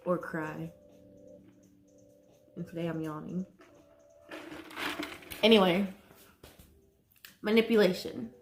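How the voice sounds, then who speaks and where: A woman vlogger talking to camera about mental health, nervous and slow, halting often and saying "like" a lot. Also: lowish voice, gravelly, slight background noise. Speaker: wellness vlogger. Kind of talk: casual talk to camera.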